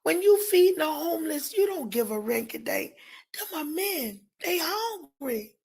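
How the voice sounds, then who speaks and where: On a live stream, a woman preacher rants emotionally, addressing her viewers directly by name and often rising to shouts. Her voice is high-pitched, sing-song and creaky, and she speaks unhurriedly.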